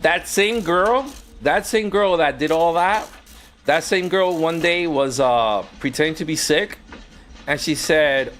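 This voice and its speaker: Animated male streamer telling stories. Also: a little high, slow. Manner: animated, acts out quoted voices. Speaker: streamer and former teacher. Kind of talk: casual storytelling while gaming.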